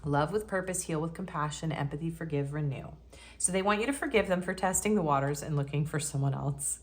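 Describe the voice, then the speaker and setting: A woman with a notably deep voice talks through a casual tarot reading. She keeps it chatty and cheeky and laughs easily as she speaks. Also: fairly quick. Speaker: tarot reader.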